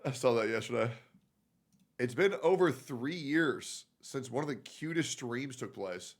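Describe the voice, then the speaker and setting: A man's voice: mid-range voice, animated, measured pace, over music. A male streamer reacting casually on a live stream, swearing and gushing with frequent exclamations. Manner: profane, gushing, exclaims a lot.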